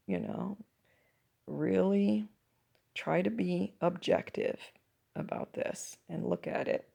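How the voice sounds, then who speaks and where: A woman hosting her own show, speaking in a reflective personal monologue, her voice croaky and her thoughts coming in halting restarts. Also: on the low side, mellow. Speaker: podcast host.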